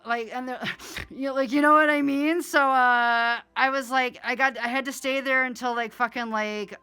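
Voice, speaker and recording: A woman's voice: high-pitched, steady tone, normal speed, sharp tone, smooth. A woman in her forties telling a rambling story in a casual, profane way, with many fillers.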